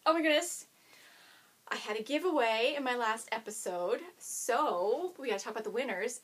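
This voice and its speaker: A woman's voice: mid-range voice, a bit bright, breathy edge. A woman hosting a knitting video podcast, chatting casually and bubbly to the camera and talking to her dog now and then.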